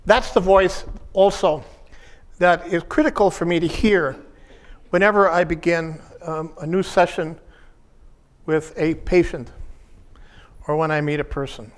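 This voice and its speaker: A man who works as a pastoral counselor, giving a reflective workshop talk in short, measured phrases. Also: fairly high pitch, fairly even intonation.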